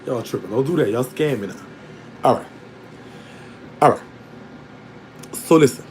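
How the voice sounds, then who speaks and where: A man telling a candid personal story to his online audience in a casual, animated way, often breaking into laughter. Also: mid-range voice, unhurried, slight background noise, low-quality recording. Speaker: storytelling vlogger.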